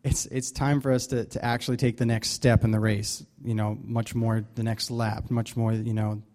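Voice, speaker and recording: A man's voice: on the low side, level tone, moderate pace, darkish tone. A man leading a Bible study, preaching casually with many fillers and restarts. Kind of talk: casual sermon.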